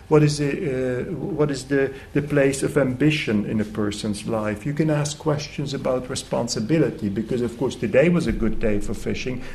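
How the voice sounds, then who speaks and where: A man's voice: mid-range voice, vocal fry, dark tone, slight background noise, low-quality recording. A man speaking on a festival panel, telling a story animatedly with many fillers and restarts. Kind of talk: panel talk. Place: festival hall.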